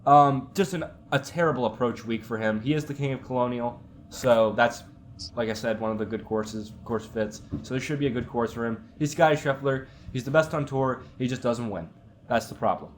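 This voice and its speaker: A man's voice: mid-range voice, moderate pace, slight background noise. A young man co-hosting a podcast, laying out stat-heavy picks in casual chat with frequent fillers. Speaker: podcast co-host.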